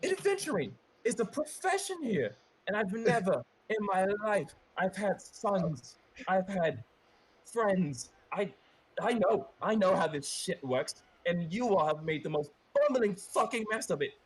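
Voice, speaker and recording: A man's voice: sits high, big pitch swings, unhurried, slightly rough, voice pushed up, heavily acted. A man voicing an enraged middle-aged woman who has raised sons, cursing and sputtering at a group of adventurers in a tabletop game. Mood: outraged. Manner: shouting, cursing, sputtering with rage. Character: furious middle-aged woman, mother of sons, foul-mouthed.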